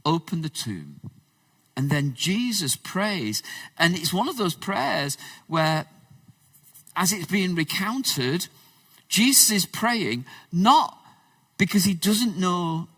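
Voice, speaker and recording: A man preaching a conversational sermon, swinging between loud emphasis and hushed, low passages. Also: no echo, recorded from a distance. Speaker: pastor. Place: church.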